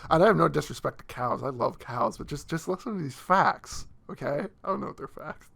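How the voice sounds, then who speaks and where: A man's voice: fairly high pitch, lively intonation, a little fast, creaky, a bit bright, breathy edge. A young man co-hosting a casual podcast, rambling and insisting on odd theories. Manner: rambling, insistent conspiracy rant. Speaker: podcast co-host. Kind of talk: casual chat.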